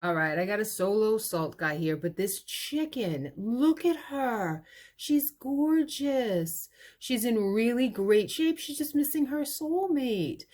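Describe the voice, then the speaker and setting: A woman in a relaxed, chatty sale patter, presenting vintage pieces one by one. She talks about them with easy affection, calling them cute little babies. Each pitch ends briskly with a price and a lot number. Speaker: vintage shop owner running an online clearance sale. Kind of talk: casual live sale item presentation.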